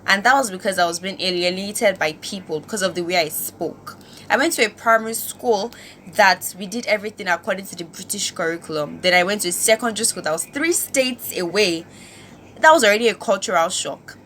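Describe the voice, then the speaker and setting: Bright-voiced expressive woman vlogger. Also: medium pitch, slight background noise. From Nigeria. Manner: expressive, emphatic, preachy rhetorical questions. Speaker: host. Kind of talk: motivational vlog talk.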